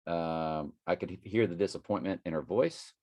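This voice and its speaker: A man's voice: deep voice, normal speed, a little mellow, dry recording. A middle-aged man, rambling through a prophecy monologue as an online preacher and jumping between numbers and scripture.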